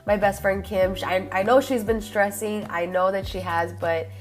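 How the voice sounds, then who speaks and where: A woman's voice: mid-range voice, steady tone, normal speed, faint music behind. A young woman hosting a podcast, chatty and gushing, slipping Spanish phrases into her English. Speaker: podcast host. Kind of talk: casual chat.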